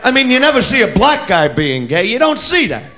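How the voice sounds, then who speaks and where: A man doing a crude stand-up rant, loud and often shouting. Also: very high-pitched, sing-song, fairly quick. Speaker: stand-up comedian. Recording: live show with crowd and noise.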